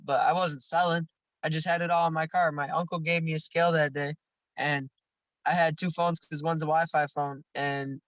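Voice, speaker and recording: A man's voice: fairly high pitch, a bit bright, no echo, lo-fi sound. A young man telling a story as a podcast guest, casual and profane, laughing now and then.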